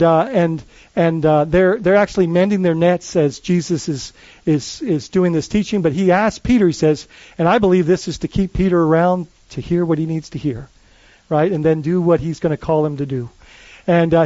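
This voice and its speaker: Man, pastor, sermon, high voice, dry muffled sound, chatty storytelling with restarts. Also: no room sound. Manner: conversational, animated retelling with many restarts.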